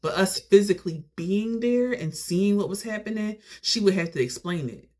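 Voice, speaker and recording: Animated storytime vlogger. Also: mid-range voice, normal speed. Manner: animated, conversational retelling. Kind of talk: casual storytime.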